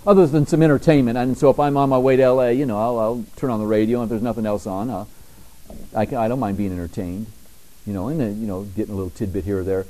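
Man, pastor, sermon, emphatic, mellow voice, slow scripture reading. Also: lowish voice, steady tone. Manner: emphatic preaching, slows down to read scripture.

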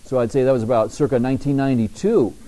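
A male pastor preaches a sermon with an emphatic, insistent delivery. His voice is warm and mellow, sitting at a middle pitch. He slows down deliberately when he reads scripture aloud.

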